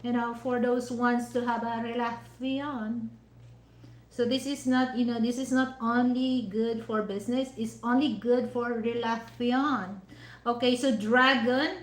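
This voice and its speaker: A woman's voice: fairly high pitch, reverberant, poor audio. A woman vlogger chatting casually over dinner, rambling and leaning on "you know" fillers with non-native phrasing.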